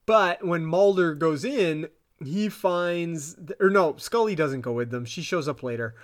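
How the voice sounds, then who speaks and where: A man co-hosting a podcast, casually retelling a TV episode with animated asides and frequent laughter. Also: unhurried. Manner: animated retelling, acts out quotes in high voices, laughs often. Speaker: podcast co-host. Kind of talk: casual recap chat.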